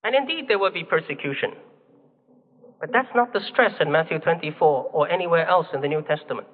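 Male preacher, high-pitched, deliberate and emphatic, recorded in a hall with long echo. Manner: measured, emphatic teaching with rhetorical questions. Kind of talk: sermon. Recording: phone-like, long hall reverb.

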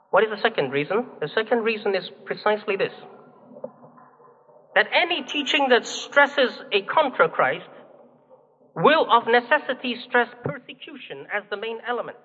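A man preaching a sermon in a measured, emphatic teaching manner, asking rhetorical questions. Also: high voice. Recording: phone-like, long hall reverb.

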